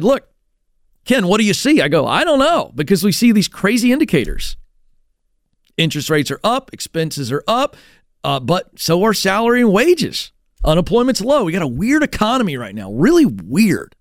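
A male radio host giving fired-up talk show commentary, animated and mocking as he mimics others. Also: high voice, normal speed, dry recording, studio quality.

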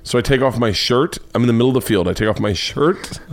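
A man hosting a podcast, telling an embarrassing childhood story as a swearing, animated comic monologue. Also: fast talker. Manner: animated, swearing, jumps into high excited pitch for punchlines. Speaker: comedian and podcast host.

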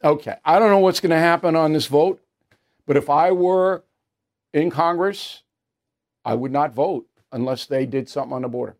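In a studio with an earpiece to his producers, a man hosts an opinionated news commentary show. His voice is a little high and slightly mellow, his pace moderate, and his tone indignant and sarcastic, full of scoffing asides.

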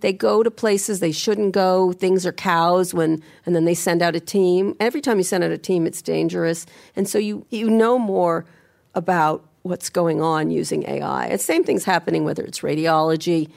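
A middle-aged woman hosting a podcast, blunt and teasing, talking fast about tech in casual banter. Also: on the low side, creaky, darkish tone. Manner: blunt, teasing, rapid-fire. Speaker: podcast host.

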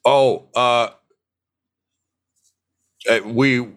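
A man's voice: mid-range voice, steady tone, very slow, fairly bright tone, smooth. Man narrating a tabletop game, hesitant. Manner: hesitant, lots of fillers. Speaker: game master.

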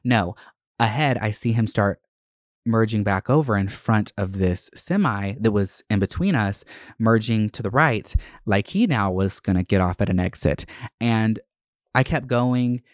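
A man telling a storytime rant to his followers, casual and profane, with quick jumps up in pitch. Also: dry recording, clean studio sound. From Atlanta area. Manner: profane, animated, quick bursts of rising pitch. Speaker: content creator.

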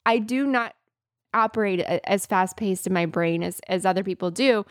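A woman co-hosting a podcast shares a personal story, earnest and halting, often restarting her sentences. Her pitch is ordinary and the room sounds dry and close. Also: no room sound. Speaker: podcast co-host.

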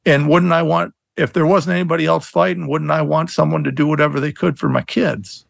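His voice is a little high with vocal fry, and his delivery is brisk and flat. The speaker is a middle-aged attorney appearing as a podcast guest, telling stories in a conversational interview, earnest and emphatic with many restarts, captured in a dry recording.

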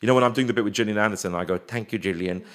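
A man, chatting as a guest in an interview and often slipping into quick put-on voices and impressions. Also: lowish voice, a bit bright. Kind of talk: casual interview chat.

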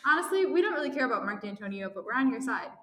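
Three friendly young male helpers speaking as one, read aloud by a woman in her own voice. The delivery is eager and rather high. Long reverb from an echoey room hangs on every line. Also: very animated, rapid-fire, pushed and bright, far from the mic.

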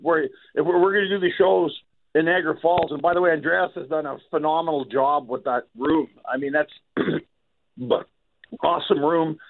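A man guest comedian chatting casually on a radio show, rambling and often clearing his throat. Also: fairly high pitch, steady tone, moderate pace, slight background noise. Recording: tinny phone-like sound.

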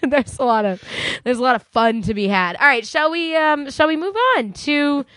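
A woman's voice: high-pitched, moderate pace, fairly bright tone, dry recording. A woman co-hosting a podcast in casual chat, laughing often and swearing casually. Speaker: podcast co-host.

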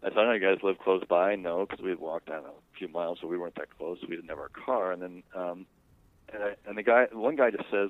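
A man with a very low voice tells a long personal story to an interviewer, wandering and conversational. The line is tinny and phone-like, with a dry sound and no room echo. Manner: rambling, conversational and unhurried.

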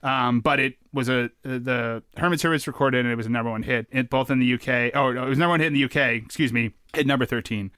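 Smooth-voiced man hosting a podcast. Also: medium pitch, fast talker, hardly any pauses, dry recording, studio quality. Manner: animated storyteller, breaks into goofy put-on voices. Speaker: podcast host. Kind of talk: casual podcast chat.

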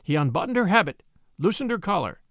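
A man narrating a classic novel in an expressive, measured storytelling manner. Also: high voice, no echo, studio quality. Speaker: audiobook narrator.

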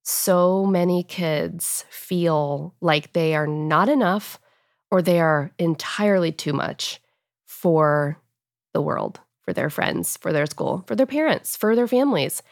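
A woman's voice: lowish voice, animated, slow, no echo, clean studio sound. A woman in her thirties, a guest talking earnestly and emotionally in a casual interview, at times choked up. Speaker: guest author.

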